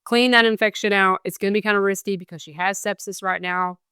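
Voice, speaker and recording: A woman's voice: mid-range voice, fairly even intonation, fast, bright, forceful tone, clean tone, no echo, clean studio sound. A young adult woman, a guest on a podcast interview, earnestly recounting events and quoting what people said. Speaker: guest, bereaved mother.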